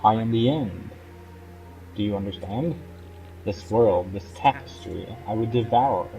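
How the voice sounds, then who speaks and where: Brief: a man playing a huge ancient game serpent, menacing, hisses each S, dark tone. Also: fairly low pitch, measured pace, faint music behind, poor audio. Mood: ominous. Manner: stretches out every S into a hiss. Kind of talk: reading game dialogue aloud.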